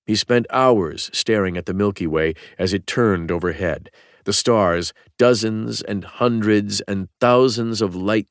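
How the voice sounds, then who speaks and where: A man reading a thriller audiobook in a calm, even manner. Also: fairly low pitch, no echo, clean studio sound. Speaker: audiobook narrator. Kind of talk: scripted narration.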